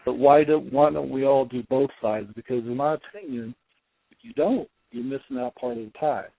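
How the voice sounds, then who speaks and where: Gravelly man on a tinny line. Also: mid-range voice, expressive, dry recording. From US Midwest. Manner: halting, many fillers and restarts. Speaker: guest, home inspector. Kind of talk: casual interview chat. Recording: dry, phone-like narrow sound.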